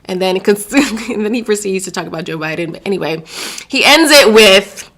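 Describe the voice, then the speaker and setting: A woman's voice: mid-range voice, expressive, normal speed, long pauses, fairly bright tone. A woman from Virginia hosting her own show, giving an emphatic opinion monologue and often stumbling over words and restarting. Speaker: show host.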